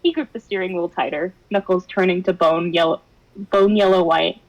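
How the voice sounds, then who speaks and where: A woman's voice: fairly low pitch, fairly even intonation, moderate pace, lo-fi sound. Giggly woman reading fan fiction aloud. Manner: dramatic reading that breaks into giggles and wry comments. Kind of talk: expressive narration with laughing asides.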